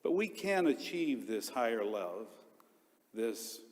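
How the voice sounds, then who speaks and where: A deacon delivers a homily in a middle-pitched voice, a man speaking earnestly in short, paused phrases. His words ring out with the long reverb of a church around him. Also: big pitch swings, darkish tone.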